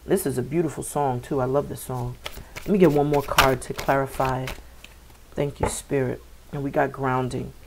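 A woman's voice: extremely low pitch, fairly even intonation, moderate pace, noisy background. A woman doing a spiritual tarot reading for her viewers, talking in a meandering way with many fillers and repeated words. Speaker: tarot reader.

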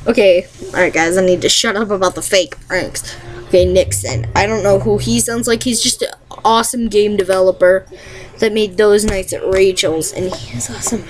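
A woman's voice: mid-range voice, normal speed, low-quality recording. A young woman vlogging an impression challenge, giggly and self-mocking, rambling between tries.

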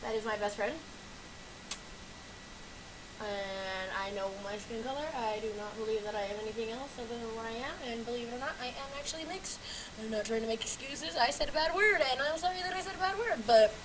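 A young woman vlogs from home in loose, unscripted chatter, cursing constantly and lurching between loud exclamations and mumbled hums. Her voice is fairly high and brisk, with long pauses and a noisy background.

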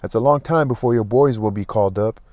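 A man's voice: lowish voice, quick pace, a little mellow, dry recording, close to an everyday voice. A man reading aloud, voicing a weary, stern, gaunt middle-aged man who speaks in a subdued, tired way.

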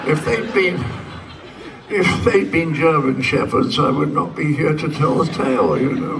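An older man tells a slow, meandering anecdote from a convention stage, acting out each line of dialogue with a dry wit. His voice is bright and fairly high, with a very lively melody. It is picked up from far off in a large hall over faint ambient noise. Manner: slow rambling storyteller who acts out dialogue with dry humor. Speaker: convention guest speaker. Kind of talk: stage anecdote for a live audience. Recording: distant hall pickup with faint crowd ambience.

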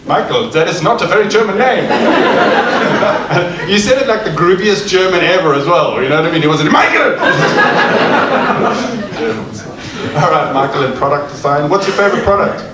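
A man's voice: fairly high pitch, a little fast, reverberant, recorded from a distance, heavy background noise. A man hosting a comedy club, doing loose, teasing crowd work with the audience.

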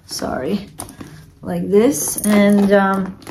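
A woman talks through a handbag unboxing for her vlog at an easy, slow pace, stopping often for fillers as she looks over each bag. Her pitch sits at an ordinary middle, and a faint hiss runs under the voice. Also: level tone, darkish tone. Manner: unhurried, hesitant, many fillers. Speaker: reseller vlogger.

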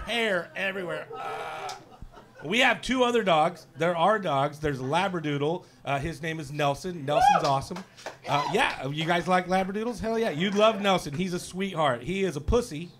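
Loud man doing stand-up in a club. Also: sits high, animated, normal speed. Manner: loud and exuberant, works the crowd. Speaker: comedian. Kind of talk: stand-up comedy set. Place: comedy club stage. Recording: live club mic, loud crowd and noise.

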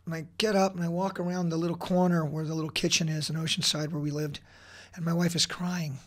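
A man's voice: fairly high pitch, level tone, fast. Intense, blunt-talking man in his forties. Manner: intense, blunt, swears, frequent restarts. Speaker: podcast guest. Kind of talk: emotional personal storytelling.

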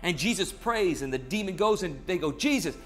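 A man's voice: high-pitched, lively intonation, brisk, fairly bright tone, faint music behind. A man speaking as a pastor in a short online devotional sermon, earnest and conversational, retelling scripture with animation.

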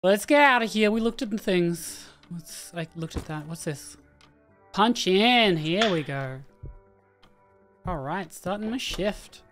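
A woman's voice: fairly low pitch, animated, slow pace. A woman casually talking through a horror game as she plays, thinking aloud and chatting to the characters on screen. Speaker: gaming streamer. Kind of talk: casual let's-play commentary. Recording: faint game music behind.

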